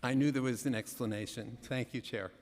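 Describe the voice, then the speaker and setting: An older man on a city commission giving measured remarks at a public meeting, with a dry touch of humor. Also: mid-range voice, fairly even intonation, darkish tone. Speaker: commission member. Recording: long reverb, faint noise, in a large chamber.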